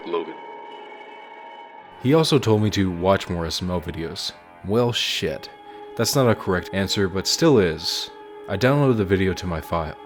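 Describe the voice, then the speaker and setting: A man reading out a fan horror story in a mock-dramatic, deadpan way. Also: sits low, moderate pace, faint music behind. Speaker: narrator.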